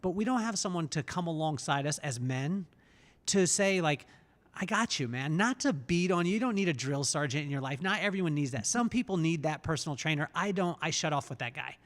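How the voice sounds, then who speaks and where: A man's voice: on the high side, animated, fairly quick, long reverb tail. A man hosting a podcast, talking in an earnest, reflective way and repeating words as he thinks. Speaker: podcast host. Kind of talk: casual podcast conversation.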